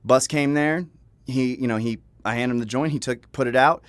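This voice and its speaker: A man's voice: medium pitch, normal speed, no echo. A young man telling a personal story in a casual vlog, rambling with frequent laughs and restarts, swearing now and then. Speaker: vlogger. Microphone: home microphone.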